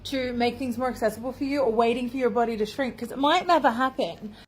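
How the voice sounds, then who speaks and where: A woman's voice: fairly high pitch, fast, breathy edge. A woman making a social media video, encouraging viewers directly in an upbeat way. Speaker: body positivity influencer.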